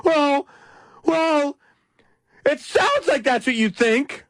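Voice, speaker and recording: A man's voice: animated, slow, a bit bright, no room sound, clean studio sound, exaggerated voice. A man voicing a grown man who pouts and whines like a sulking teenager. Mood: whiny petulant. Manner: petulant, shrill, pouting.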